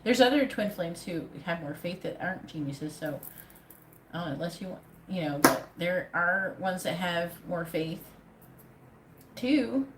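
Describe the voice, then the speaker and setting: With a fairly low voice at a moderate pace, a tarot reader conducts a live reading full of bluntness, profanity and pep-talk encouragement. The recording has an echoey room and faint background noise.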